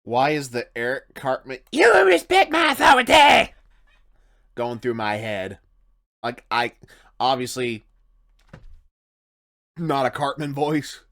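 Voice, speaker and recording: A man's voice: mid-range voice, steady tone, slow, pauses often. A man hosting a reaction video, rambling casually in late-night commentary. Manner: rambling, chuckling, tired late-night talk.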